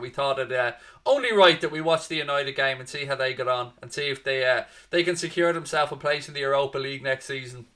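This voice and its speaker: Bright chatty man hosting a football stream. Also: a little high. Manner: chatty, greets chat viewers by name, banter; addresses listeners as mate and folks. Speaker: host of a football watchalong stream. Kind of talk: live casual match-preview chat.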